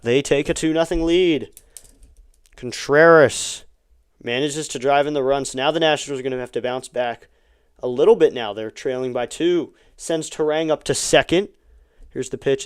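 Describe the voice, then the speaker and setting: Smooth-voiced man calling baseball play-by-play. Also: mid-range voice, no room sound, studio quality. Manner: conversational, rising to excited calls on big plays. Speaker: fan play-by-play streamer. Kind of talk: live play-by-play commentary.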